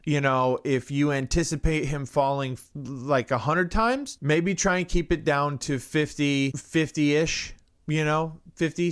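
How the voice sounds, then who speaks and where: A man hosting a comedy podcast, delivering a sarcastic, mock-earnest monologue full of rambling asides and swearing. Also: fairly high pitch. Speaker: podcast host.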